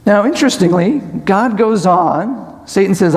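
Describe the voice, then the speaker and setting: A man gives a Bible study sermon, questioning and explaining step by step. His voice is high with a gravelly edge. A long hall reverb trails every phrase. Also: lively intonation, moderate pace, a little mellow. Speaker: conference speaker. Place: large conference hall.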